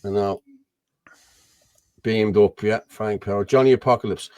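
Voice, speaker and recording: A man's voice: lowish voice, steady tone, normal speed, darkish tone, clear, resonant tone, no echo. A man with an Irish accent hosting a casual chat over a video call, rambling and often asking "you know what I mean". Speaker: host.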